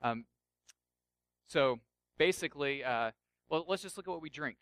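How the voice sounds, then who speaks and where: A man pastor giving a sermon in a conversational, jokey way, often dropping to a soft, intense tone. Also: a little high, animated, moderate pace, smooth, dry recording.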